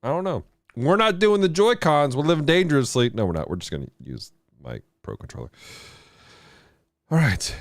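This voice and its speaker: A man hosting a casual game livestream, animated and laughing often as he reads viewer comments aloud. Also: on the high side, moderate pace, no room sound, studio quality. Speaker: game streamer and show host.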